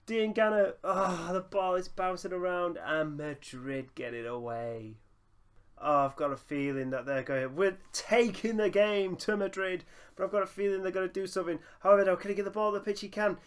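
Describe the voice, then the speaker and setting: A young man giving excitable running commentary over a football management game, breaking into laughter and shouts. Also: high-pitched. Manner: excitable, bursts into shouting and laughter at big moments. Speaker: gaming YouTuber.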